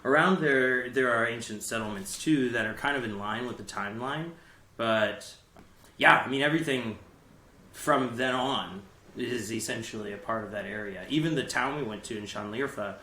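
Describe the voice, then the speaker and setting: A man's voice: mid-range voice, moderate pace, sharp tone, roomy sound, a little hiss or hum. A man co-hosting a podcast, explaining things casually and loosely with lots of fillers. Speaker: podcast co-host.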